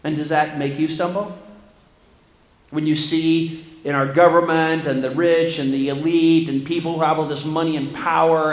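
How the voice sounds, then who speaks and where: Male preacher, fairly high voice, impassioned sermon delivery that swells to near shouts, echoey room. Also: fairly even intonation, normal speed. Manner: impassioned, rising to near shouts on scripture readings.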